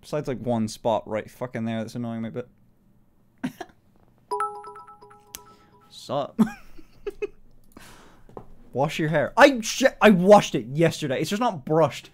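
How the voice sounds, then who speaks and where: Lively British man chatting on stream. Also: medium pitch, takes it slowly, pauses often, soft background music. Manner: animated, swears a lot, laughs often. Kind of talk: casual live-stream chat.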